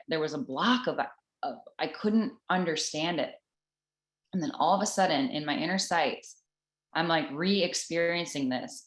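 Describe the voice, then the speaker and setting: Woman with a low voice sharing a heartfelt personal story with a group, halting, recorded in an echoey room. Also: a bit bright. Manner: earnest and halting, with many restarts. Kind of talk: personal spiritual testimony. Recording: roomy echoing room.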